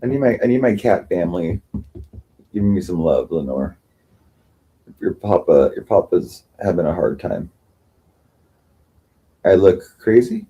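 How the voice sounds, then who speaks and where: Tired, rambling deep-voiced man. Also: very animated, dark tone, breathy edge. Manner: rambling, halting, many restarts and profanity. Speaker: livestream host. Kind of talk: casual livestream chat.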